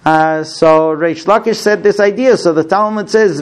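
A man teaching a Torah lesson, telling the story with lively, dramatic delivery. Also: high voice, a little slow. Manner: animated, dramatic storytelling with fillers.

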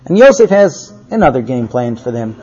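A man teaching a scripture lesson, retelling the story in an animated way and often checking in with his listeners. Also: mid-range voice, moderate pace, slight background noise. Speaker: religious teacher. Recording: dull lo-fi recording.

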